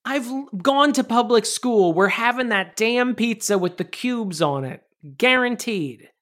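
A woman in her thirties co-hosting a podcast, chatting casually about a movie in a sarcastic, animated way with mocking asides. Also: a little high, unhurried. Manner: animated, sarcastic, swings into exaggerated mocking quotes. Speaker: podcast co-host. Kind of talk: casual movie review chat.

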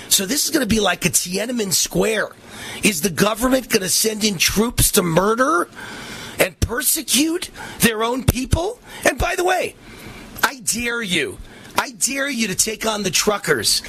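A middle-aged man hosting a radio talk show, delivering a fiery, emphatic political monologue full of repetition. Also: sits high. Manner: emphatic, repetitive, rising to shouts.

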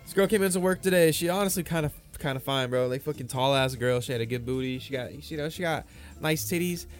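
A man's voice: a little high, fast talker, faint music behind. A young man co-hosting a podcast, rambling loosely through crude casual stories. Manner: rambling, loose, lots of filler words. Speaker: podcast co-host.

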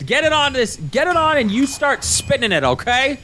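A man voicing a gruff, impatient female camp cook who barks orders and threatens. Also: very high voice, animated, fairly quick, sharp tone, a little hiss or hum, pitched above the performer's own voice, exaggerated voice.

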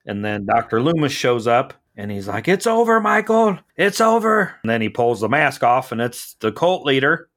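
A man co-hosting a podcast, retelling film scenes in joking, profane casual chat. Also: medium pitch. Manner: joking, profane, animated retelling with put-on quotes. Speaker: podcast co-host.

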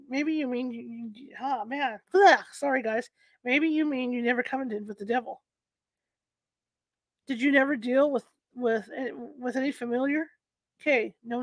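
A woman's voice: sits high, no echo. A woman reading an old court transcript aloud, stumbling and restarting over the archaic wording.

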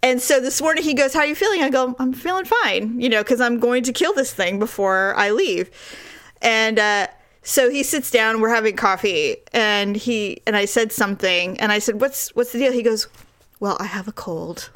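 Animated woman telling a story. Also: a little high, normal speed. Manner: animated storytelling, mimics her husband, laughs often. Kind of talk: casual chat.

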